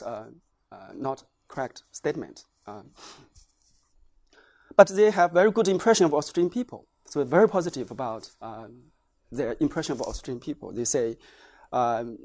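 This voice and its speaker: Man, academic lecturer, mid-range voice, hesitant delivery with frequent pauses. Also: medium pitch, a little mellow, breathy edge. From China. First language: Chinese. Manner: halting, many hesitations. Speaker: academic researcher presenting findings. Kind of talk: lecture presentation.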